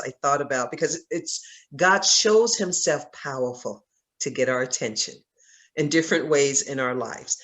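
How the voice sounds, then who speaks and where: A woman with a deep, slightly bright voice and a Southern accent leads a Bible study over a video call. Teaching conversationally, she tells a personal story in an earnest, storytelling way and laughs often.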